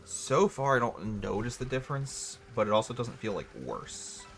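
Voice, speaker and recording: A man's voice: medium pitch, lively intonation, moderate pace, gravelly, a bit bright, faint music behind. A young man streaming a video game live, rambling and joking sarcastically with his chat. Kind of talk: gaming livestream chat.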